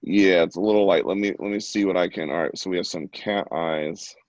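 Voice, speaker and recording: A man's voice: low voice, brisk, a little mellow, no echo. A man hosting an online art class over a video call, giving playful, joking running commentary. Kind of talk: casual live-stream teaching.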